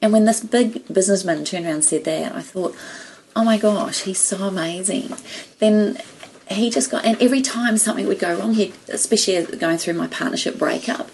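Middle-aged woman, low gravelly voice, expressive anecdotal chat, faint room noise. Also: low-quality recording. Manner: warm storytelling, emotional, quotes others animatedly. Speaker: guest. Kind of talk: casual chat.

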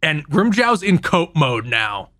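A man hosting a podcast who casually recaps an anime, telling it in an animated, profane way. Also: fairly high pitch, slow pace, no room sound. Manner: animated, profane storytelling with frequent laughs. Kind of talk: casual chat.

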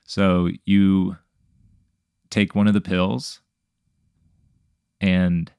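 A man hosting a casual podcast chat, posing a rambling hypothetical with many halting fillers. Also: low voice, level tone, darkish tone, clear, resonant tone, dry recording, clean studio sound.

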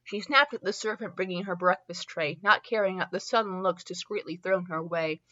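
A woman hosts a reading show and narrates a story aloud in a bright, clear voice. She restarts words when she trips over them and breaks off into comic asides. The sound is a little dull and lo-fi. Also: fairly low pitch, normal speed. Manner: stumbles and restarts on words, laughs at herself. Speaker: podcast host reading fanfiction aloud.

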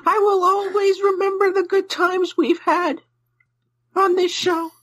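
A man voicing a squeaky, sentimental little male mascot character in a comedic podcast bit, stammering and repeating his words. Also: little pitch movement, a little slow, a bit bright, low-quality recording. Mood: sentimental farewell. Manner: stammering, repeats words, tearful farewell speech.

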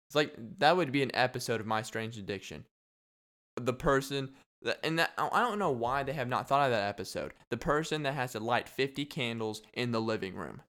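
A man's voice: medium pitch, animated, fairly quick, a bit bright. A young man hosting a casual solo podcast, rambling and joking with frequent laughs. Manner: rambling, jokey, laughs often. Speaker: podcast host.

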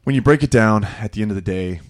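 Man, lowish voice, rambling casual talker, animated. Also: quick pace. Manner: rambling, animated, lots of "you know". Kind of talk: casual chat.

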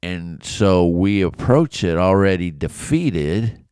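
A man's voice: sits low, lively intonation, takes it slowly, darkish tone, clear, resonant tone, no room sound, studio quality. A man giving a casual, conversational Bible lesson, acting out the people in the story. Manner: conversational, acts out quoted voices. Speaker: Bible teacher.

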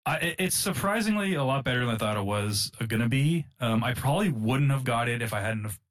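A man's voice: medium pitch, lively intonation, fast, a bit bright. Rambling man chatting about games. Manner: rambling, full of fillers and chuckles. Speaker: podcast co-host. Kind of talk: casual chat about video games.

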